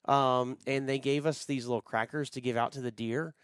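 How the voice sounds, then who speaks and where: A man with a smooth, clear voice talks in relaxed podcast chat, wandering through his stories with plenty of ums and uhs. The sound is close and dry, with no room behind him. He comes across as middle-aged and easygoing. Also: mid-range voice, moderate pace, no echo. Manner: rambling, frequent fillers, friendly storytelling. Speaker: podcast co-host. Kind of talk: casual chat.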